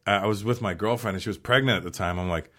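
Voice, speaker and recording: A man's voice: on the low side, quick pace, bright, forceful tone. A man telling a long story casually as a podcast guest, acting out other people's lines and swearing freely.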